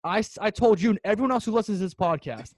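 A man's voice: sits high, lively intonation, very fast, dry recording. A man co-hosting a sports podcast in casual chat, emphatic and ranting, repeating his points for effect. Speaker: podcast co-host.

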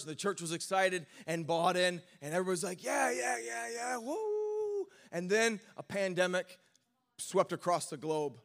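A man pastor speaking to a congregation in a sermon, telling a personal story with frequent stammers and restarts. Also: fairly high pitch. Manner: preaching climax, shouting and sing-song, then relaxed storytelling with stammers.

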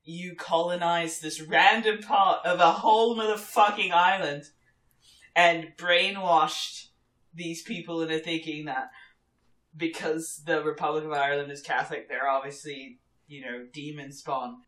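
Teacher lady on a podcast ranting, bright voice, lots of no no no, echoey room. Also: low-pitched, steady tone, unhurried. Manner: emphatic, opinionated, swears, repeats words. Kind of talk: casual chat. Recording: roomy echo.

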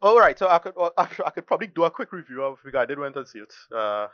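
A blunt, rambling man reviews a film on a podcast, swearing freely and piling up his complaints. He talks fast in a fairly high voice. The sound is dry and a little dull. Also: big pitch swings, no room sound. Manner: blunt, rambling, swears freely, uses Caribbean-style English.

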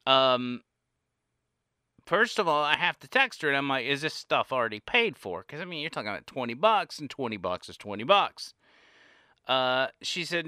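A man telling a casual anecdote in an animated way, his pitch and loudness rising and falling as he goes. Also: normal speed, smooth, dry recording, studio quality. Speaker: storyteller.

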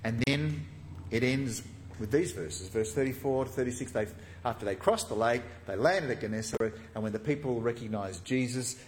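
A man preaching a sermon, animated and acting out the voices of the people in the passage he reads. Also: mid-range voice, normal speed, slight background noise. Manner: animated, acts out quoted voices.

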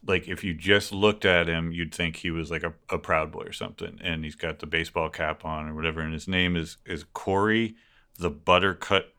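A man co-hosting a podcast, chatting casually in a rambling, animated way and swearing freely. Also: sits low, fairly quick. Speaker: podcast co-host. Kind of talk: casual chat.

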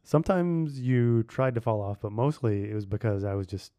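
A man hosting a casual podcast with his kids, playful and quick to laugh as he quizzes them. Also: fairly low pitch, expressive, warm tone. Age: adult. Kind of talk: casual family podcast chat.

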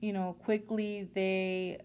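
A woman in her thirties co-hosting a podcast, talking in a warm, reflective way and now and then dropping in a Spanish phrase. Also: mid-range voice, level tone, slow pace, dull audio, slight background noise. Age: 30s. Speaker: podcast co-host. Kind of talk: casual chat.

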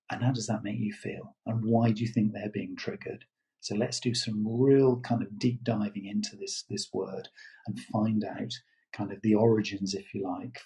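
A man's voice: fairly low pitch, warm tone, husky, poor audio. A man coaching listeners in a reflective, earnest talk, thoughtful and full of fillers. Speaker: self-development coach.

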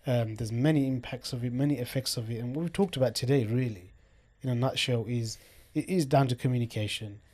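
A man hosting a casual discussion, speaking in a measured way as he sums things up. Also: mid-range voice, darkish tone.

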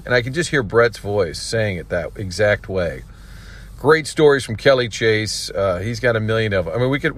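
A male talk radio host wraps up a segment in a chatty, enthusiastic way and moves into the sponsor reads. His voice sits at a middle pitch and sounds easygoing. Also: fairly bright tone.

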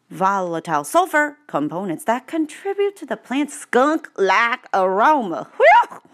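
A woman's voice: fairly low pitch, a bit bright. A woman reading technical text aloud, with playful, sarcastic asides. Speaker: vlogger. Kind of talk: joking read-aloud commentary.

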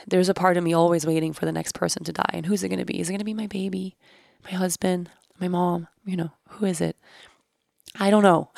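A woman's voice: lowish voice, vocal fry, no room sound, studio quality. A woman in her thirties, hosting a podcast, candidly and searchingly recounting a personal experience and swearing casually. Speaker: podcast host. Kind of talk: reflective personal storytelling.

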